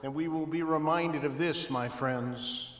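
A man's voice: on the high side, a little slow, a bit bright. A man preaching a sermon as pastor, emphatic with dramatic rises and drops in his voice. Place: church sanctuary. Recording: echoey church hall.

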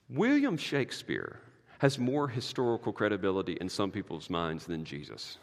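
Animated preacher man in a reverberant hall. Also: on the low side, a little slow, pauses often. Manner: emphatic, swings from quiet to loud; casual asides with frequent "like". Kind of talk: sermon.

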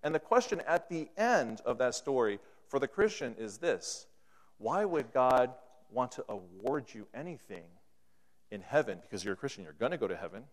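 A man preaching a sermon from a pulpit, at a mid pitch, acting out the dialogue of his stories. His voice swings between loud and soft, and a long hall reverb rings behind it. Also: big pitch swings, moderate pace. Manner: acts out dialogue in an anecdote, voice rising and falling.

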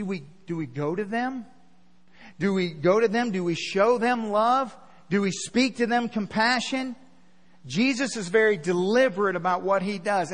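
A male pastor preaching a sermon to his congregation, repeating lines for emphasis and sometimes dropping to a hushed, tender voice. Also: sits high. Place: church sanctuary. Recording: long hall reverb.

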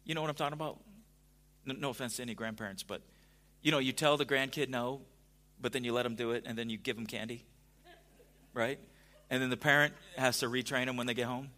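A man preaching a sermon in a conversational way, dropping to a hush at times and rising to emphatic points. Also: medium pitch, fairly even intonation, fast talker, pauses often. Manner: conversational, swings from hushed to emphatic. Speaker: pastor.

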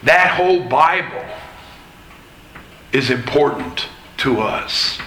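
A man, a pastor, giving an expository sermon in a measured, explanatory teaching manner. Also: mid-range voice, expressive, pushed and bright, echoey room, a little hiss or hum, rough recording.

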